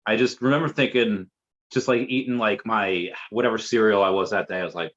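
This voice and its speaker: Low-voiced guy rambling on as a guest, lots of ums, muffled sound. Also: fast, fairly bright tone. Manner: rambling, chatty, with many fillers. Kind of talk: casual conversation. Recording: muffled lo-fi audio.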